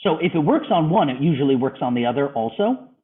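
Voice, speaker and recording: A man's voice: a little high, expressive, quick pace. A man teaching a trading club, walking through charts and asking a student questions over a video call. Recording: phone-like video call audio.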